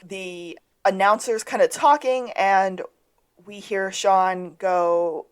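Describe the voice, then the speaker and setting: A woman's voice: medium pitch, unhurried. A woman co-hosting a podcast, casually recapping a TV episode and acting out quoted lines. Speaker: podcast co-host.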